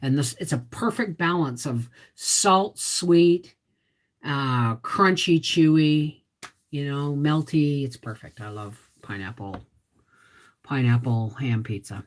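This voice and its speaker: Low-voiced Canadian woman chatting on a livestream. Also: slow. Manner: chatty, reads viewer comments aloud and answers them. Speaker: livestream host. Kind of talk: casual livestream chat.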